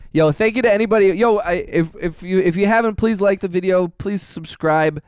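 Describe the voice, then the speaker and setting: A man hosting a music production livestream, chatting casually in an upbeat, rambling way, giving quick shout-outs and restarting his sentences. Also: sits high, clear, resonant tone, no echo, clean studio sound. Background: his own beat playing.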